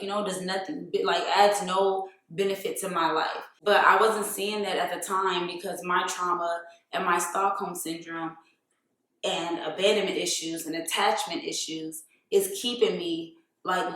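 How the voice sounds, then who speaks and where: A woman's voice: on the low side, a bit bright. Frank woman vlogging in a very echoey room. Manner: frank, profane, filler-heavy "like" talk. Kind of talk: candid storytime vlog.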